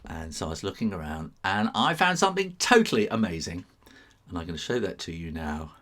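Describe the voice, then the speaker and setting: A man's voice: low voice, very animated, a little fast, a bit bright. Man, middle-aged, live drawing-stream host, rambling, chuckling, casual chat. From England. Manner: chatty, chuckling, rambling asides.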